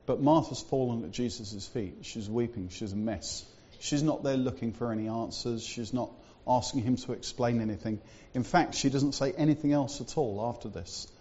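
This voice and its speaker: A man's voice: medium pitch, normal speed, hardly any pauses, dark tone, muffled recording. A man preaching a sermon in a church, talking in a conversational way with fillers and asides.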